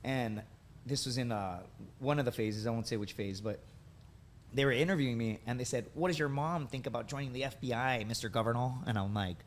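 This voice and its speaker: A man in his thirties, a podcast guest, telling animated personal stories in a casual way, often tagging on "dude" and "right?". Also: medium pitch, fairly quick, slight background noise. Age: 30s. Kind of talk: casual storytelling.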